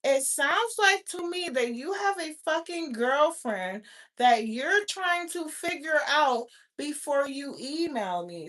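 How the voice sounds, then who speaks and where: A woman's voice: high voice, fairly bright tone. A woman vlogger, ranting bluntly to her viewers with lots of cursing and scolding. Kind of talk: casual rant to camera.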